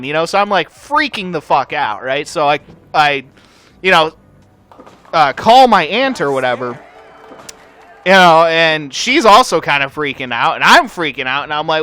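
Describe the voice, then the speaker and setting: A young man chats casually over his gameplay, telling a long story with constant swearing and lots of filler. His voice sits a little high and sounds bright. It leaps up and down as he gets worked up. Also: a little fast. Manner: profane, rambling, animated storytelling. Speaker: gaming channel host.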